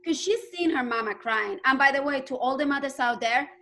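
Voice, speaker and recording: A woman's voice: sits high, brisk, pushed and bright, a little hiss or hum. A woman hosting an interview, asking reflective and encouraging questions. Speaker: interview host. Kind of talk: interview conversation.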